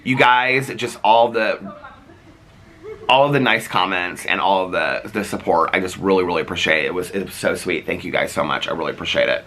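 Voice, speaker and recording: Low-voiced, bright-toned chatty male vlogger. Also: fairly quick, a little hiss or hum. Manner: rambling, chatty, frequent fillers and restarts. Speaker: daily vlogger. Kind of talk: casual chat to camera.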